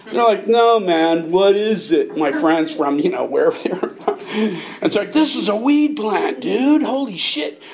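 A man's voice: high-pitched, very animated, moderate pace, crowd noise. An older man telling a rambling, profane story in casual chat, often laughing as he talks. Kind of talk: casual anecdote.

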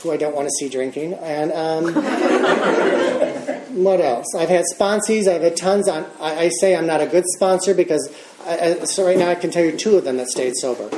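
A man's voice: on the high side, moderate pace, noisy background. American man telling his recovery story. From United States. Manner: animated storyteller, acts out quotes, laughs often. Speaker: recovery meeting speaker. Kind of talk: personal recovery testimony. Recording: roomy echoey room.

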